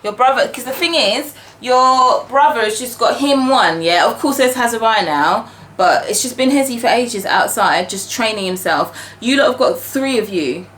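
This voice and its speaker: A woman's voice: a little high, lively intonation, moderate pace, few pauses, a bit bright, a little hiss or hum, low-quality recording. A British woman in her thirties, a mother chatting casually in her home kitchen for a family vlog, teasing and talking through what she is doing. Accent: British English. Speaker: mother, vlogger.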